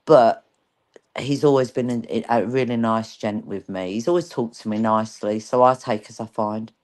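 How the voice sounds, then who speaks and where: A woman's voice: rumbling low, moderate pace. A woman hosting a casual live stream chat, talking freely with plenty of exclamations. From England, outside London. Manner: chatty, exclaiming, lively swings.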